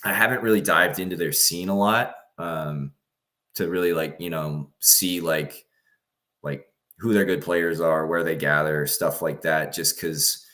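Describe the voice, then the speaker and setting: A man's voice: sits low, fairly even intonation, a little slow, pushed and bright. A young man talking casually as a podcast guest, rambling with lots of fillers and acting out his own inner voice. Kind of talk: casual chat.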